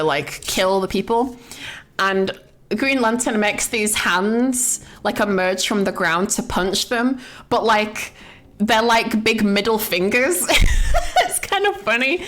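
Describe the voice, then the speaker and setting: A woman's voice: medium pitch, unhurried, a bit bright. A young woman streaming casual chat about a film she just saw, rambling, swearing freely and breaking into giggles.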